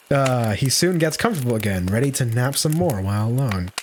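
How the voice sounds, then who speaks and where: A man reads a story aloud live on stream, giggling through it and breaking into laughter. His pitch swings widely and animatedly, and a faint hiss sits under the voice. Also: expressive, a little fast, few pauses.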